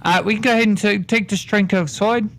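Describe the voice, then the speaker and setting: A man's voice: high-pitched, steady tone, creaky, fairly bright tone. A man playing a tabletop game, talking casually and stumbling over his starts. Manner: halting, stammering starts. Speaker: player.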